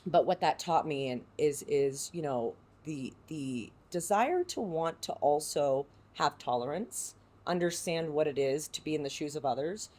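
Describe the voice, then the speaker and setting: An actress from San Diego speaking as a podcast guest, reflective and heartfelt, with many filler words. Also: female voice, low voice, measured pace, darkish tone. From San Diego, United States. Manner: reflective, heartfelt, full of "you know" fillers. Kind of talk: podcast interview.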